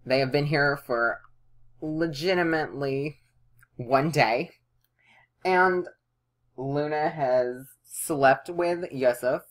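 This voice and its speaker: A woman's voice: sits low, takes it slowly, long pauses. A woman casually commenting on a life-simulation game she is playing, chatty and playful, sometimes voicing her characters' lines. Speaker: let's play host.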